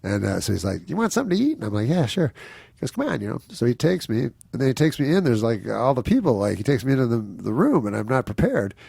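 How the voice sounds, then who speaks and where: Low gravelly guy rambling thru a funny story, dry close mic. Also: sing-song, quick pace, hardly any pauses, a little mellow, no room sound. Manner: rambling anecdotes, acts out quoted people in higher voices, chuckles. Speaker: comedian guest. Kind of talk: casual storytelling chat.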